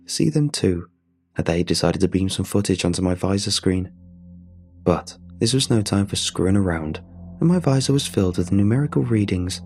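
A man's voice: deep voice, a little mellow. A man reading a first-person adventure story aloud in a wry, sardonic manner. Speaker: narrator. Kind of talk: scripted story narration.

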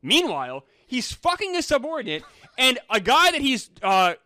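A man co-hosting a casual film-review chat, animated and incredulous as he teases his co-host. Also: extremely high pitch, moderate pace, no echo, studio quality. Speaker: podcast co-host.

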